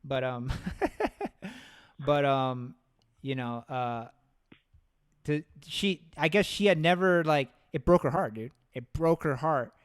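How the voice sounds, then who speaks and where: A podcast host in loose conversation, this man keeps his stories rolling with a steady stream of profanity and restarts. His voice sits a touch higher than most men's. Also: slow pace, pauses often, clean tone. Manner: rambling, profane storytelling. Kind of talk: casual chat.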